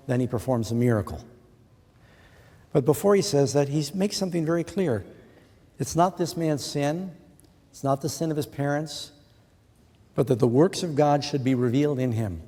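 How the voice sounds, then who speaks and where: Middle-aged male preacher, earnest and questioning, mellow voice, long hall echo. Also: mid-range voice, moderate pace. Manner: earnest, asks the listeners questions. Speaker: pastor. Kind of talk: sermon.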